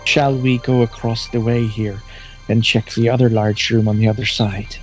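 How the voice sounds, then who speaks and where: A man's voice: mid-range voice, flat delivery, normal speed, soft background music. A man playing a tabletop game, speaking eagerly and hesitantly. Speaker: player.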